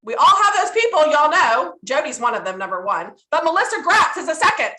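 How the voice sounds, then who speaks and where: A woman's voice: sits high, big pitch swings, a little fast, bright, forceful tone. A woman sharing a story on a team call, setting it up in a playful, teasing way. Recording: roomy echo.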